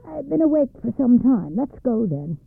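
A storyteller voicing a quick-witted young brother in a folktale, answering boldly with a lifted voice. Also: medium pitch, big pitch swings, vocal fry, slightly rough, no room sound, voice pushed up, exaggerated voice. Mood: eager. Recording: dry, phone-like narrow band.

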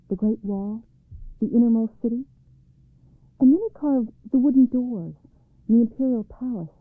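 A woman narrating a storybook in a calm, measured read-aloud way, on a tinny recording. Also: mid-range voice, no room sound. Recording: dry, tinny phone-like sound.

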